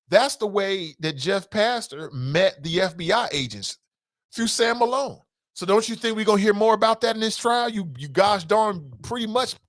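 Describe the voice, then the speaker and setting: A man's voice: high-pitched, a bit bright. A man hosting a casual morning talk show, speaking off the cuff, often laughing and slipping into quoted voices. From Cincinnati area.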